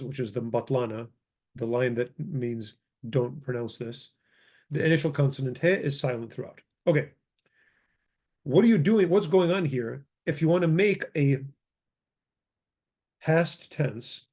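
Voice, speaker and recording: Male language teacher, offhand and chatty, mellow tone, mid pitch; reads examples and mutters self-corrections. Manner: casual, thinks aloud, corrects himself, mutters asides. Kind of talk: informal grammar lesson, reading from a textbook.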